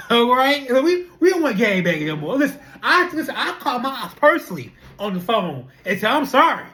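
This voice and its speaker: A young adult speaker, chatting straight to camera. The talk is loose and animated, looping through rhetorical questions and repeated fillers. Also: medium pitch, normal speed. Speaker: vlogger. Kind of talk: casual talking-to-camera monologue.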